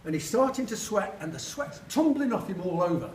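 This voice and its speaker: A jokey storyteller in his seventies, from Sheffield, England, delivers funny anecdotes at a reunion lunch, acting out each quoted voice. His high, darkish voice is brisk with lively intonation. He stands far from the mic in a large, echoey dining hall, with a faint hum underneath.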